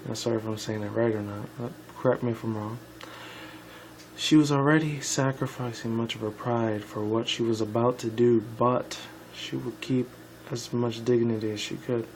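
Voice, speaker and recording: A man's voice: medium pitch, steady tone, moderate pace, darkish tone, a little hiss or hum, poor audio. A tired young man reading a fan story aloud, stumbling over words and correcting himself with casual asides. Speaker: fan fiction reader.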